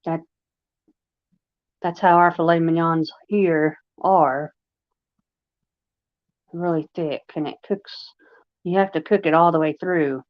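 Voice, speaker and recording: Slow-talking Long Island woman on a livestream. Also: deep voice, steady tone, dry recording. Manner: rambling, chatty, heavy use of fillers. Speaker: livestream host. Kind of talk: casual livestream chat. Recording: dry, slightly dull lo-fi recording.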